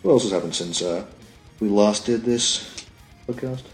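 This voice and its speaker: A man, co-hosting a podcast, cutting in with sweary quick banter in casual chat. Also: fairly low pitch. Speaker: podcast co-host. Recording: roomy recording, faint music.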